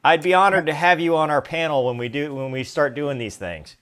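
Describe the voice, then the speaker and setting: A man's voice: on the high side, a little fast, fairly bright tone, smooth. Enthusiastic casual male show host. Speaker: podcast host. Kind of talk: live interview show.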